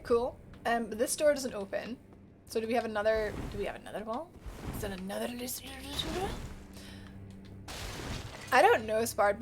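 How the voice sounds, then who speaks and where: A woman's voice: a little high, a little hiss or hum. A young woman livestreaming a game, chatting casually and bubbly, answering her viewers by name and laughing often. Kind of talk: casual live gameplay commentary.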